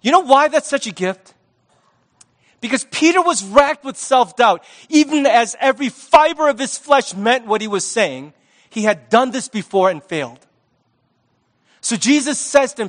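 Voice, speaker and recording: Man, pastor, sermon, high voice, chatty and lively. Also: normal speed. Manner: conversational, lively, uses sports talk.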